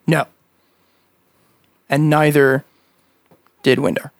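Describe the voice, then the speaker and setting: Dry-voiced, slightly high game master man. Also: slow, creaky, dry recording. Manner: relaxed, laughs often, rules on the fly. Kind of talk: running a tabletop game.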